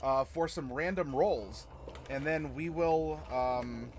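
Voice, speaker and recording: A man's voice: medium pitch, slow, background noise. A young man hosting a live stream as game master, chatting casually and rambling with many fillers and restarts.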